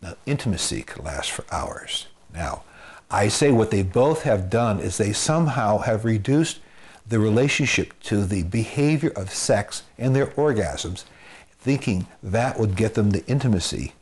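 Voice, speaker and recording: Speaking at a measured pace, the man has a lowish, somewhat dark voice with an expressive delivery. He is a marriage and family therapist offering earnest advice to the camera, leaning on repeated phrases for emphasis and homespun, everyday comparisons.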